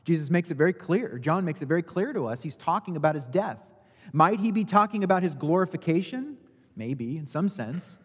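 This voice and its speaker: Male pastor, sermon delivery, slightly high, husky voice, long reverb. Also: lively intonation, a little fast. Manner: rhetorical questions, rising and falling emphasis.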